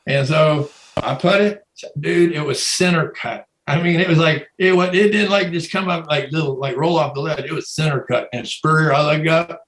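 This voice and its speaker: A man's voice: on the high side, normal speed, echoey room, low-quality recording. Rambling man telling a story. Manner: rambling, animated, laughs often, many restarts. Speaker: guest telling stories. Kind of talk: casual storytelling.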